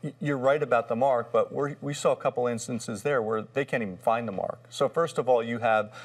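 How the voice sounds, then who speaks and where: A man's voice: mid-range voice, brisk. A man on a sports panel laying out his counterpoints in order, good-humored. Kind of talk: casual debate chat.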